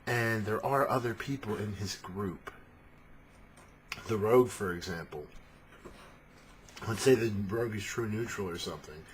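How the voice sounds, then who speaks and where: A man with a lowish voice rambles through a casual monologue about tabletop gaming. He swears freely and is animated. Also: a little slow, pauses often, a little hiss or hum. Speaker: tabletop game talker.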